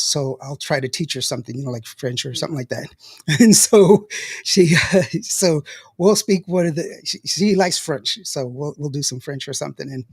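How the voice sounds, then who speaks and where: Older man, husky, dry close sound, rambling and laughing podcast host. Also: fairly high pitch, no echo. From West Texas. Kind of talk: casual chat, reading live comments.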